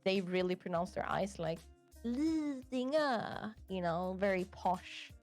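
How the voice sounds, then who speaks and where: A woman's voice: lowish voice, moderate pace, soft background music. A woman from Sweden with a Swedish accent, a guest chatting casually and acting out quoted remarks. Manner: animated, acts out quoted remarks. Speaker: guest VTuber. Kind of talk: casual chat.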